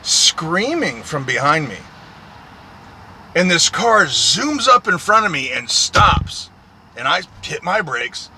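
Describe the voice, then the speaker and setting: A man who drives a truck rants in a profane, repetitive, aggrieved monologue. His voice is bright and sharp, with pitch that swings up and down a lot. Faint street and vehicle noise sits behind him. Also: very animated, slow pace. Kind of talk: ranting monologue.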